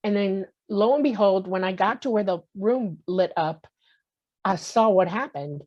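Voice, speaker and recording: A woman's voice: mid-range voice, a little slow. Older woman telling a vivid story. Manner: animated storyteller, acts out quotes, keeps asking "okay?". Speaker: guest. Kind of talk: telling a personal story on a talk show. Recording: muffled lo-fi audio.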